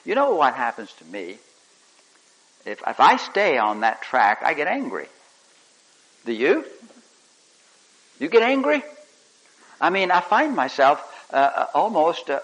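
A man preaching a sermon, swinging between loud emphatic lines and soft hushed ones, with some halting restarts as he tells a story. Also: a little high, wildly swooping pitch, breathy edge, low-quality recording.

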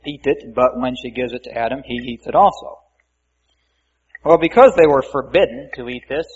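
A man's voice: medium pitch, breathy edge. A man preaching a conversational Bible-teaching sermon, reading scripture aloud and adding folksy asides. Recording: muffled lo-fi recording.

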